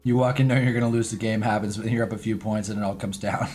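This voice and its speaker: A man's voice: lowish voice, steady tone, quick pace, a little mellow, faint music behind. Chatty man hosting a sports stream. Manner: loose and chatty, swears, talks to chat. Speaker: live-stream host. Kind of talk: casual live-stream sports talk. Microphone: own desk mic.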